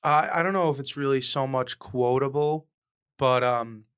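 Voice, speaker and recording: A man's voice: mid-range voice, moderate pace, a bit bright, clear, resonant tone. A man co-hosting a podcast, chatting casually and retelling movie scenes with quoted lines. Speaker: podcast co-host. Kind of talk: casual chat.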